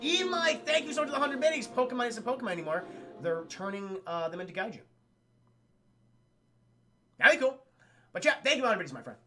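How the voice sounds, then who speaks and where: A man's voice: extremely high pitch, big pitch swings, brisk, pauses often, pushed and bright, faint music behind. A man casually recapping a cartoon on a live stream, rambling and swearing as he talks straight to his chat. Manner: rambling, profane, addresses chat.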